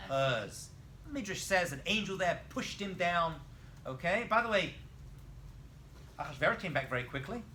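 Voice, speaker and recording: A man, a rabbi, teaching a lively Bible lesson in a classroom, telling the story with animation and quizzing his students. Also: high-pitched, moderate pace, pauses often, slight background noise.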